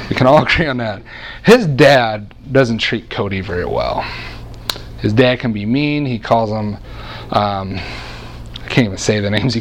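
A man in his thirties preaching a sermon as a lively, joking storyteller who often restarts his sentences. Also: medium pitch.

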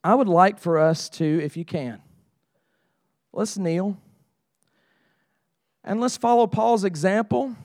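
A man's voice: high voice, slow, long pauses, a little mellow, dry recording, clean studio sound. A middle-aged man preaching a sermon to leaders in a conversational way that rises into emphatic pleading. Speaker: pastor.

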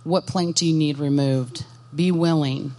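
Brief: woman, lowish voice, earnest and direct workshop speaker who questions the room. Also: steady tone, measured pace, mellow. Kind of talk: Christian ministry workshop talk. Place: conference workshop session.

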